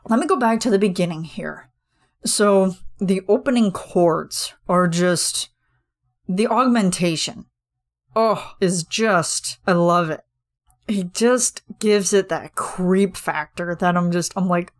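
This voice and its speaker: A woman's voice: fairly low pitch, normal speed. A woman hosting a podcast, chatting casually and gushing enthusiastically about a music video, with many fillers. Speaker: podcast host.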